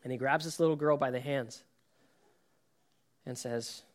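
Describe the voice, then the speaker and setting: A man giving a sermon as pastor, reading scripture and then speaking earnestly, dropping to soft, quiet phrases and building to emphatic points. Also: mid-range voice, fairly even intonation, a little slow.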